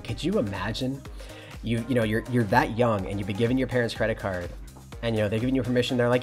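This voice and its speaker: Brisk and mid-pitched, a young college man streams a shooter game with faint music in the background. He keeps things easygoing and chatty, responding to what his viewers type.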